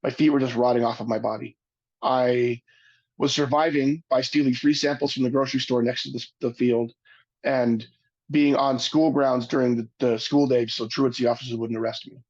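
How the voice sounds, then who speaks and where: A man giving a webinar talk, telling a personal story in an earnest, halting way, often restarting his sentences. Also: medium pitch, fairly even intonation, darkish tone, dull audio. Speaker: webinar speaker.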